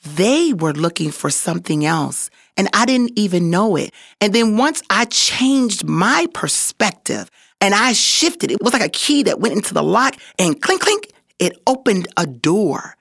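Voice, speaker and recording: Upbeat, encouraging female podcast host with a lively, swooping voice, recorded dry. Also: mid-range voice, a little slow, vocal fry, dry recording. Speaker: voiceover artist. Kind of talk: motivational podcast talk.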